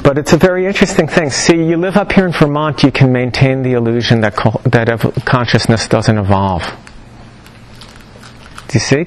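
A man's voice: medium pitch, a little hiss or hum, rough recording. A middle-aged man teaching a class on Chinese medicine, talking informally, with wry humor and digressions. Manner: chatty storytelling with asides and wry humor.

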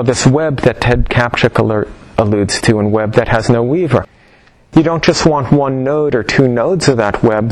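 A man's voice: mid-range voice, rough recording. Middle-aged male lecturer, conversational and wry, loose teaching style with storytelling asides. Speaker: teacher of Chinese medicine. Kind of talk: informal lecture to a class.

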